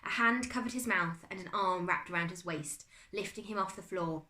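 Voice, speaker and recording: A British woman teacher reading a chapter book aloud to her class, expressive and dramatic. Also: on the low side, moderate pace. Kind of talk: storybook read-aloud. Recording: echoey room.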